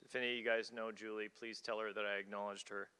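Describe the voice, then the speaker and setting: A man's voice: fairly low pitch, little pitch movement, fast talker, pushed and bright, clear, resonant tone. A man organizing an awards ceremony, casual and self-deprecating as he thanks helpers and makes announcements. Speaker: event organizer, emcee. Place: college auditorium. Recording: hall reverb.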